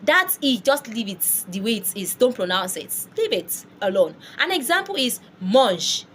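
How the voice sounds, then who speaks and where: A woman's voice: on the high side, sing-song, moderate pace, fairly bright tone, slight background noise. A woman teaching French pronunciation, patient and drilling each word over and over for learners to repeat. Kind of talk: language lesson.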